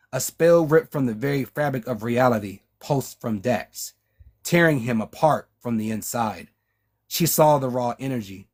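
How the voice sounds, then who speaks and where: His husky, mid-range voice carries a measured reading of his own novel, broken by frequent restarts. Afterward, the author chats with his listeners.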